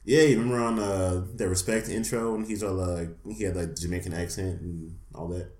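Man, very deep voice, easygoing opinionated podcast talk, roomy echo. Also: fairly even intonation, brisk, a little mellow. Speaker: podcast co-host. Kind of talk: casual podcast chat.

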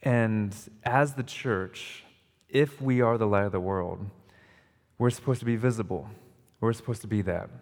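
A man's voice: on the low side, a little slow, a little mellow. A man preaching a sermon as pastor, emphatic, often restarting and repeating phrases. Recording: long reverb of a hall.

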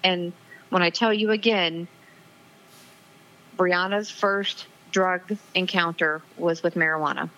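A woman's voice: on the low side, steady tone, takes it slowly, long pauses, pushed and bright. A woman in her forties, a guest in an interview, tells a personal story earnestly and with emotion, with frequent ums, over the phone. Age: 40s. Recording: dull lo-fi phone audio.

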